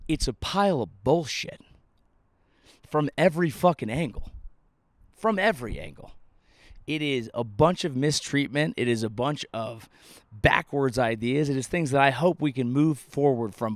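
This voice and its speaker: A thirty-something comedian rants in a profane, sardonic way, hammering his points home with emphasis. He records outdoors by a lake, and his voice sits at an ordinary middle pitch. The sound is dry, with no room echo. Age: 30s. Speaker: comedian podcast host. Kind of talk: comedic rant monologue.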